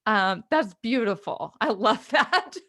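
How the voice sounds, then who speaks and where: Unhurried woman podcast host. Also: fairly high pitch, animated. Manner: warm affirming listener, laughs easily. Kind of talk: conversational podcast interview.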